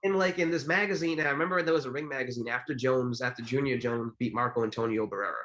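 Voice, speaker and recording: A man co-hosting a casual podcast, spinning long stories in an animated, chatty way. His voice sits at an ordinary middle pitch and keeps moving with the story. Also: quick pace, poor audio. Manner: animated storytelling with many fillers. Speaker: podcast co-host. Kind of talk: casual chat about boxing history.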